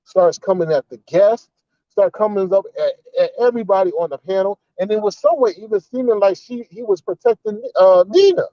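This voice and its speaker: High voiced guy ranting on his vlog, cussing, keeps repeating himself, dry muffled sound. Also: expressive, fairly quick, mellow, dry recording. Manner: indignant, profane, repetitive ranting. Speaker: commentator. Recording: slightly dull, dry recording.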